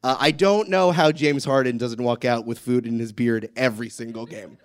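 A man in his thirties co-hosting a live podcast, telling stories in an excitable way. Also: medium pitch, moderate pace. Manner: excitable, storytelling, laughing. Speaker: podcast co-host. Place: live show on stage.

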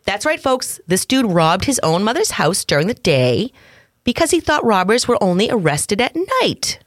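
A woman with a Massachusetts accent co-hosting a podcast, telling crime stories in playful, animated casual banter. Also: mid-range voice, moderate pace, no room sound, studio quality. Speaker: podcast co-host.

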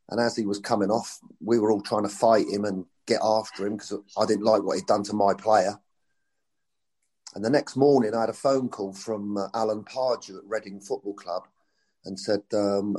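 In a storytelling interview, a middle-aged man who coaches football shares chatty anecdotes and performs the quotes himself. His voice is lowish and darkish, with a steady tone and moderate pace.

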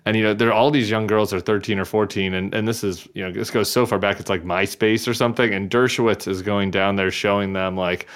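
A man's voice: on the low side, fairly even intonation, fairly quick, few pauses, a bit bright, clean tone. A man hosting a podcast interview. He talks casually and heatedly, rambling with fillers and restarts. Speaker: podcast host.

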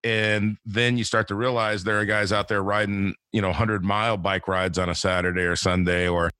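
A man's voice: on the low side, little pitch movement, moderate pace, bright, forceful tone, clean tone, dry recording. A man in his fifties hosting a podcast interview, talking in a rambling, easygoing way with lots of fillers and repeated words. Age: 50s. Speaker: podcast host. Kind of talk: casual interview chat.

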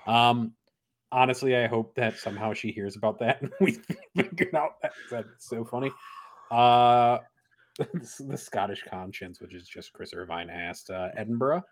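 A man's voice: mid-range voice, a little slow. A man co-hosting a podcast in casual chat, rambling and joking as he trails off mid-thought. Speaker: podcast co-host.

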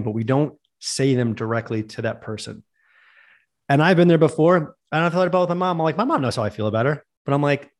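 A man's voice: medium pitch, gravelly. A man hosting a podcast, talking in an earnest, heartfelt, rambling way. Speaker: podcast host. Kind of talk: casual conversation.

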